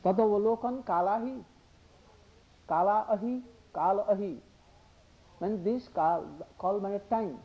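Slow-speaking older man giving a devotional talk. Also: high voice. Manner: halting, repetitive phrasing with Hindi asides. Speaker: religious speaker. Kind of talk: devotional discourse. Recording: dull lo-fi recording.

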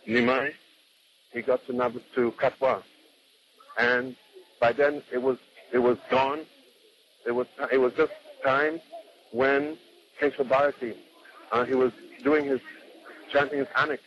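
A man's voice: mid-range voice, fairly even intonation, a little slow, long pauses. Guy telling a devotional story, kinda rambly, acts out the quotes, muffled recording w/ a bit of hiss. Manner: unscripted, repeats words, acts out quotes.

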